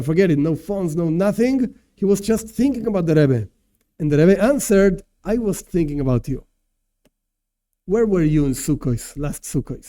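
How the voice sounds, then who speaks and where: A man's voice: a little high, mellow. A man teaching as a rabbi in a casual class with slides, talking loosely with many asides and repeated fillers, and chuckling at his own examples. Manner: casual and repetitive, peppered with "whatever" and "et cetera". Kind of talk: informal lecture with slides.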